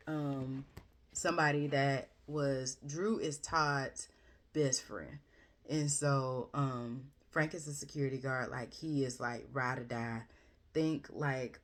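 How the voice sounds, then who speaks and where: A woman recapping a book in a casual, rambling chat, gushing about it and correcting herself often. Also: extremely low pitch. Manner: rambling, chatty, with frequent fillers and self-corrections; animated, gushing and expressive. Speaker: book reviewer.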